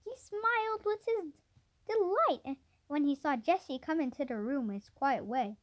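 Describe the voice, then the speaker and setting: A woman with a high, lively voice reads a children's chapter book aloud. Her pitch rises and falls a lot, and she trips over a word now and then before going on. The pace stays plain and unhurried. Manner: plain read-aloud with small stumbles and restarts. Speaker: storybook reader.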